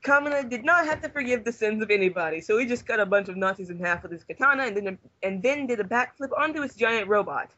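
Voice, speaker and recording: A young man reads fanfiction aloud in a deadpan voice, bright and a touch husky. He sits close to a dry, dull lo-fi microphone. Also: high-pitched, quick pace, hardly any pauses, no room sound. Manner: deadpan reading, fighting back laughter. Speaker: reader among friends.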